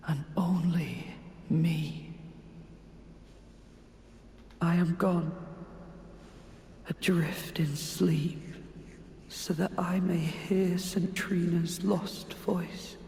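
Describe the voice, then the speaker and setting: An actor playing a devoted man who drifts into poisoned sleep, speaking softly and languidly. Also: fairly high pitch, a little hiss or hum. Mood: drowsy. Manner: soft, languid, drowsy. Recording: echoey game dialogue with long reverb.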